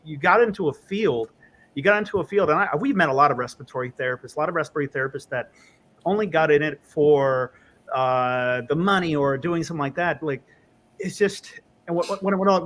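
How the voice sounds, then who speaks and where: A man's voice: fairly high pitch, fast. A man, a respiratory therapist, talking in a casual conversation and acting out dialogue as he tells stories. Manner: animated storyteller, acts out dialogue.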